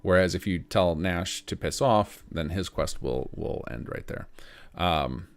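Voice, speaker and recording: A man who streams his game modding, casually thinking aloud in rapid bursts and making joking asides. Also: low-pitched, lively intonation. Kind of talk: live commentary while modding.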